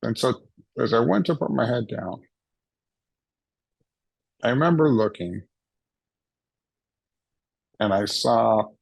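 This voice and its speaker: Keynote speaker, male, unhurried and gravelly, dry sound, humorous storytelling. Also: on the low side, darkish tone, no room sound. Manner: playful, acts out quoted voices. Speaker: summit speaker. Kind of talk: humorous personal storytelling talk. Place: recorded for a virtual summit.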